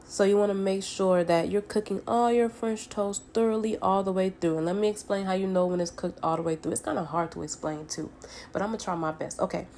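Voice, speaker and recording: A woman's voice: medium pitch, steady tone, brisk, a little mellow, slight background noise. A woman from the Southern United States with a Southern accent, chatting casually as a home cook through a cooking tutorial in her kitchen, folksy and friendly with viewers. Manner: folksy and chatty, calls viewers honey and baby.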